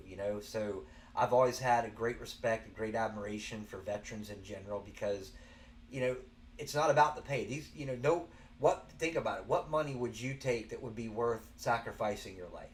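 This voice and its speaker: This is a man with a Southern American accent, hosting a show and talking off the cuff in an earnest, rambling way. His pitch sits in an ordinary middle range, and he often restarts his sentences. Faint background noise hums under his voice. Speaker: show host. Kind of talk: casual spoken commentary.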